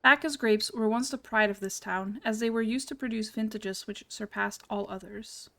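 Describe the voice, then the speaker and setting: A woman reading a game townsperson's dialogue aloud in a measured, storytelling way. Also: mid-range voice, gravelly, a bit bright. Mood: wistful.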